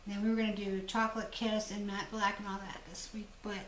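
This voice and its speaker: A woman's voice: mid-range voice, flat delivery, fairly quick, slight background noise. A woman hosting a jewelry-making channel, chatting casually and telling stories to viewers. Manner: chatty, storytelling, laughs easily. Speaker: jewelry designer and channel host. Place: room in a home shop. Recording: echoey room, mic at a distance.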